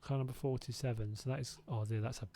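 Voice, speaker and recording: A man's voice: mid-range voice, steady tone, fast, mellow, slight background noise. A young man casually hosting a live sim racing watch-along, chatty and reacting aloud, laughing often. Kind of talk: casual live-stream chat.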